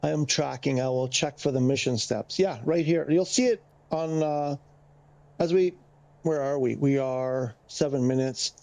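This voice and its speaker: A man's voice: mid-range voice, unhurried, vocal fry, a little mellow. A man streaming a flight game, explaining the radio steps in a chatty, wandering way, talking into a headset mic. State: slightly winded. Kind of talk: casual gameplay commentary.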